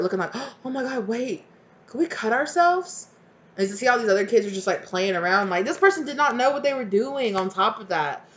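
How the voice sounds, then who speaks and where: A woman's voice: mid-range voice, lo-fi sound. Chatty, blunt woman tarot reader. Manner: chatty and blunt, swears freely, rambles. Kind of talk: casual tarot reading to viewers.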